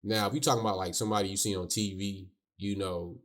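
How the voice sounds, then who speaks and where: A man co-hosting a podcast in casual chat. He talks emphatically, swears freely, keeps asking "you know what I'm saying" and gets loud and high when he is worked up. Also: steady tone, fast. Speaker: podcast co-host.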